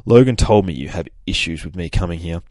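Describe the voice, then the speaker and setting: A man reading out an earnest, commanding male soldier hero in a measured, steady way. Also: deep voice, dry recording. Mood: firm.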